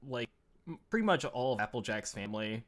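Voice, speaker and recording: A man's voice: mid-range voice, very animated, fairly quick. A man from New England chatting casually on a fan show, hesitant and rambling while giving frank opinions. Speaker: co-host of a fan talk show. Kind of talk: casual chat.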